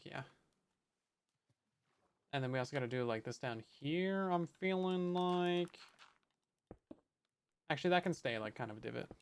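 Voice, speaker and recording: Chatty, slightly high-voiced young male gamer. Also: fairly bright tone, smooth. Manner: chatty, self-mocking, talks to chat while building. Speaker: Minecraft let's play host. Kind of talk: casual gameplay commentary.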